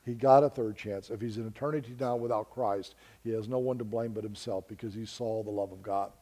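A man's voice: fairly low pitch, fairly even intonation, a little fast, mellow. A man preaching earnestly, telling stories to the congregation and calling them folks. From United States. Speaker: preacher and missionary. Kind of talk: sermon storytelling.

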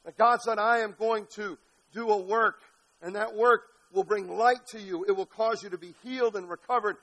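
A man preaching an impassioned sermon, building to shouted peaks and dropping to quiet, low passages. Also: steady tone, normal speed, low-quality recording. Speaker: pastor.

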